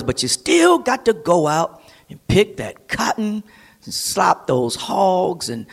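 A male pastor preaching an emphatic sermon to a streamed congregation. He repeats and builds phrases, rising to near-singing on key words. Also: fairly high pitch. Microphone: streamed service.

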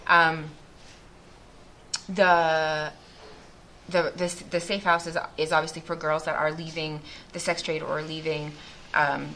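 A woman with a slightly low voice speaks to a group as a missionary. She shares her faith testimony earnestly and thoughtfully, often starting her sentences over. A faint background noise sits under her voice. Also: a bit bright. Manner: earnest and reflective, with frequent restarts.

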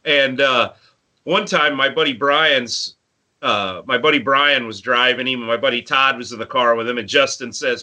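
A man's voice: medium pitch, moderate pace, pushed and bright. A man in his forties chatting casually about a favorite movie and telling a story from his youth. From grew up in the countryside. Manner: storytelling, acts out friends' voices. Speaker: podcast co-host.

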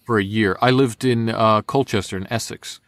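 A young American voice actor chatting in an interview, with an animated, storytelling delivery. His voice sits a little low, and the recording is close and dry. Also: normal speed, no echo. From United States. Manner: animated storyteller, slips into impressions. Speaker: voice actor guest. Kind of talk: casual interview.

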